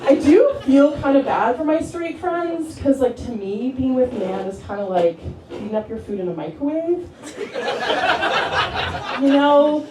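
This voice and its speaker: A woman's voice: high voice, measured pace, very noisy. Chatty stand-up comedian woman, roomy and distant. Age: 30s. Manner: chatty, filler-heavy storytelling with deadpan punchlines. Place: comedy club stage. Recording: roomy club sound from a distance, loud crowd laughter. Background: audience laughing.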